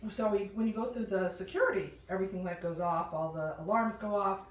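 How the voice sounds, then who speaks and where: A middle-aged woman doing stand-up storytelling in a chatty, animated way, jumping into high voices when she quotes people. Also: fast. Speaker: comedian telling a personal story. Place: room with a live audience. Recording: roomy, distant mic with faint ambience.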